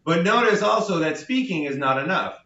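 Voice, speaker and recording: A man's voice: high-pitched, expressive, a little fast, bright, forceful tone. A male university instructor gives a lecture, explaining ideas patiently and checking in with his class. He is heard from a distance in a reverberant classroom. The recording sounds dull and a little muffled. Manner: explanatory, frequent "right?" tag questions. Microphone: room recording from a distance. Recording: echoey classroom from far off, dull.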